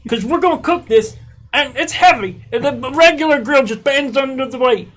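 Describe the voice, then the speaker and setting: A man's voice: very high voice, moderate pace, fairly bright tone, voice pushed up, rough recording. A man voicing a goofy Englishman with a put-on English accent, exaggerated and laughing.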